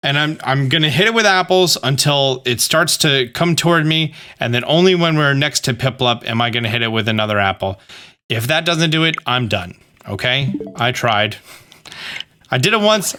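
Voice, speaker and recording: Bright-voiced man narrating a game walkthrough. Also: medium pitch. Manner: exasperated, talks to the game character; instructive, repeats "okay?". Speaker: gaming guide host.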